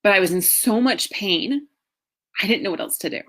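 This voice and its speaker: A middle-aged woman, a marriage coach, telling her own story in an earnest, emotional way with slow pauses. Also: medium pitch, fairly bright tone. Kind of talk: personal story talk.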